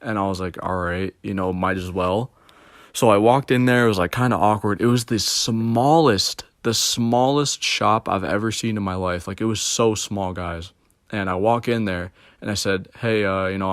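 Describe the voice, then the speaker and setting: A young man in his twenties with a fairly low voice, telling a casual story and leaning on filler words and swearing. The sound is dry and close, with no room echo. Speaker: streamer.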